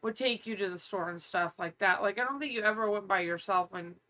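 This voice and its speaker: A woman in her thirties co-hosting a podcast, telling funny stories in a casual, animated way and laughing often. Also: medium pitch, a little fast. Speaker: podcast co-host. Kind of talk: casual storytelling chat.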